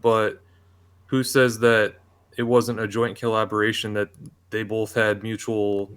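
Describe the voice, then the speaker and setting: A man with a somewhat low voice speaks on a casual gaming podcast panel. He talks at length and circles back on his words, with a frustrated edge. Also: flat delivery, unhurried, fairly bright tone, clear, resonant tone. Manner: rambling, repeats words, frustrated tone.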